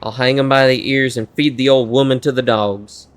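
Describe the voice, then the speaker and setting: A man voicing a gruff, cocky male bandit with an attempted Texas country drawl, menacing and drawling. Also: medium pitch, steady tone, normal speed, lightly acted.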